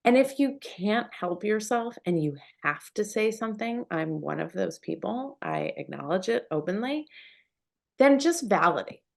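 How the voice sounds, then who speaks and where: A woman, a puberty educator, giving parenting advice in an animated, conversational way. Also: medium pitch, normal speed, vocal fry. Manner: animated, acts out everyday scenes. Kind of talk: parenting talk.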